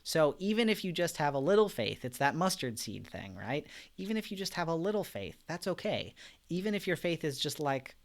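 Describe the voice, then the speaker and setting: A man leading a live-streamed Bible study in a casual, conversational way, gentle and reflective, with frequent fillers and soft laughs, and reading out viewer comments. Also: a little high, sing-song, brisk, gravelly.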